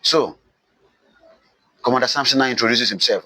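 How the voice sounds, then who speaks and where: Brief: bright-voiced male tutor summarising a novel, lively and repetitive, dry close sound. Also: on the low side, measured pace, no room sound, rough recording. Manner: animated retelling, repeats phrases for emphasis. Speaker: literature teacher.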